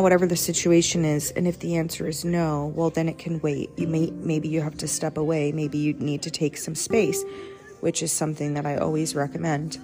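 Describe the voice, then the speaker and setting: A woman's voice: deep voice, little pitch movement, fairly quick, over music. A young adult woman hosting a podcast, talking through faith and parenting in a loose, rambling way that often corrects itself. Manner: rambling, self-correcting, conversational. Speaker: podcast host. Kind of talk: casual devotional talk.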